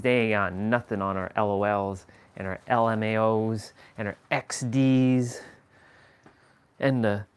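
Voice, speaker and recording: A man's voice: fairly low pitch, clear, resonant tone. Easygoing man rambling on a live stream. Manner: rambling, slangy, chuckling asides. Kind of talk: casual chat.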